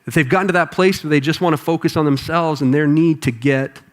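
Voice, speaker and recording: A man preaching a sermon to a congregation in a conversational, animated way. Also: on the high side, fairly quick. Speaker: pastor. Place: church auditorium with congregation.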